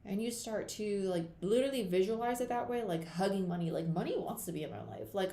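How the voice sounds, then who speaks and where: A woman's voice: medium pitch, animated, fast, hardly any pauses, dark tone. Chatty young woman in an echoey room. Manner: rambling and chatty, many fillers, talks to viewers while doing makeup. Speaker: tarot reader hosting a live chat. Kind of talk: casual livestream chat. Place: home room at her computer.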